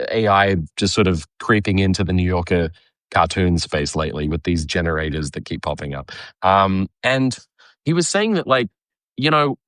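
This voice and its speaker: Australian cartoonist guest, very low voice, halting delivery, dry close recording. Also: male voice, a bit bright, no echo. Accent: Australian, partly Americanized. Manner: halting, many fillers and restarts, laughs often. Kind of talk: casual conversation while drawing.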